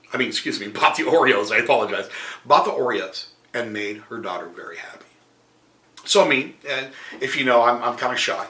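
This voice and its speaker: Bright-voiced man telling a business story. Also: mid-range voice, reverberant. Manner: upbeat storyteller, addresses viewers directly. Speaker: business coach. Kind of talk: motivational business tip talk.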